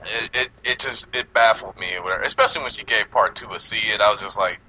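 A man hosting a casual movie podcast, rambling and profane, acting out quotes and laughing loudly. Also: lowish voice, quick pace, slight background noise, low-quality recording.

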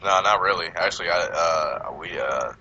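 A man hosting a casual movie podcast, rambling and profane, acting out quotes and laughing loudly. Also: low voice, moderate pace, dull audio.

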